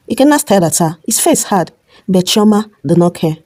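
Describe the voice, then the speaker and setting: Woman telling a folktale for her channel, steady mid voice, plain delivery, dry close recording. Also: medium pitch, brisk, dry recording. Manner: plain, steady storytelling with occasional slips. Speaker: storyteller and channel host. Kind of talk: storybook narration.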